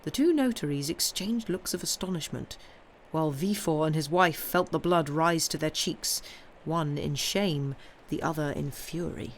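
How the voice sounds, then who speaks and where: A woman reading a classic novel aloud on a live stream, with measured, steady narration. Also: low-pitched, slight background noise. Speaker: reader.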